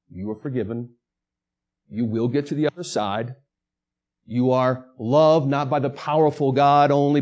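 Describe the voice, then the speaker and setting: A man delivering a sermon in an easy, conversational way, with a voice that sits a little higher than most men's. He jokes at his own expense, then lowers to hushed, quiet tones for the serious passages. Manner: conversational preaching with self-deprecating humor. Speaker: pastor.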